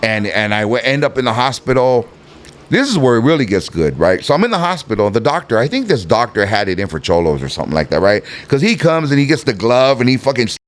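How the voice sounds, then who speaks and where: Speaking at medium pitch with a Southern California Chicano accent, this middle-aged podcast guest swears freely while spinning a lively story in an interview. He performs each character's voice himself.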